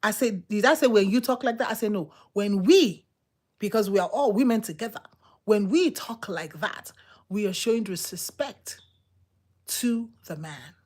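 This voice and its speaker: A woman preaching a sermon in an emphatic, repetitive, exhorting manner, swinging between loud outbursts and low murmurs. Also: lively intonation, normal speed.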